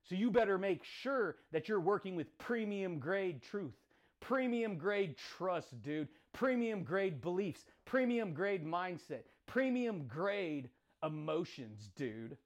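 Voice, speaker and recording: Podcast host, male, high-pitched, intense, profane, hammering motivational lines through repetition. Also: very animated, takes it slowly. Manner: intense, punchy, profane, repeats phrases. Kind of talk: motivational monologue.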